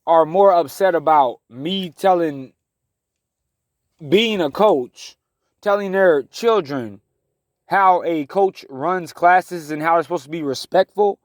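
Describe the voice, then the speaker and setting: A man's voice: fairly high pitch, takes it slowly, no echo. A man in his thirties giving a heated, rambling personal monologue as a talk show host, with many restarts. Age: 30s. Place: living in his car in the woods.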